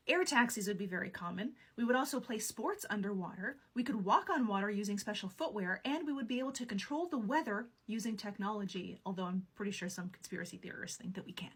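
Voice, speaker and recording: A woman's voice: medium pitch, husky. A woman hosting a video, giving scripted narration with playful, wry asides. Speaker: video host.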